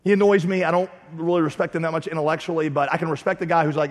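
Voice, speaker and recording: A man preaching a sermon in a blunt, lively, joking way with touches of sarcasm. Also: a little high, racing, few pauses, long reverb tail. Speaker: pastor.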